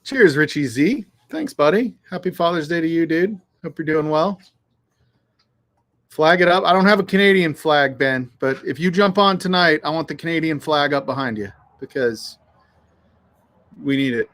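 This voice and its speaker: A man with a slightly higher voice hosts a relaxed livestream from outside on a breezy day. He talks in an easygoing, loose way, cursing now and then and calling out to his viewers one by one. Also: normal speed. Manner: laid-back, swears freely, greets viewers by name. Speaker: livestream host. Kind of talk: casual livestream chat. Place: outdoors on a windy afternoon.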